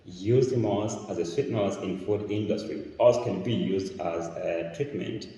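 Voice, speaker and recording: A chemistry teacher with a Tanzanian accent explains a lesson step by step while demonstrating experiments. His voice is low-pitched and mellow, at a measured pace. The room is echoey and the mic is far off.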